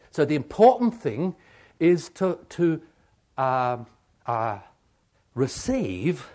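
A man preaching a sermon on meditation, halting with many ums and asking rhetorical questions. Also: on the high side, darkish tone. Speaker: pastor.

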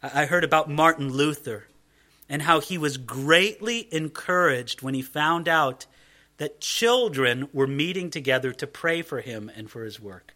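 A middle-aged male pastor preaching a sermon, reading scripture aloud and explaining it in an animated way. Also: on the high side, unhurried.

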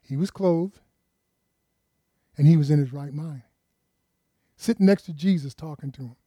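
Folksy preacher man, mellow voice. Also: on the high side, normal speed, slightly rough, dry recording, clean studio sound. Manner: folksy, asks the listeners questions. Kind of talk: conversational sermon.

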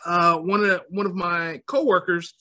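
A man who is a guest on a podcast, speaking as a motivational speaker in a calm, measured, explanatory way and often checking in with "right?". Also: high voice. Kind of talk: podcast interview.

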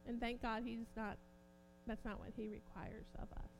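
A woman preaching an informal sermon, growing impassioned and forceful at points. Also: a little high, level tone, normal speed, vocal fry, a little hiss or hum. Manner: impassioned, rising to near-shouting emphasis.

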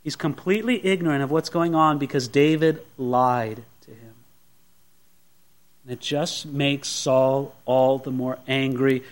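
A man preaching a sermon, teaching through a Bible passage in an animated way and acting out the characters' lines. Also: medium pitch, a little slow. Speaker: pastor.

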